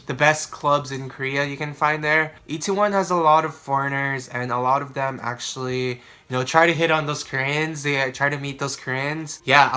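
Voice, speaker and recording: A young man casually chatting to camera in a vlog, relaxed and talkative, often saying um and you know. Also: mid-range voice. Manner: chatty, relaxed, frequent ums and you-knows. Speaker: vlogger.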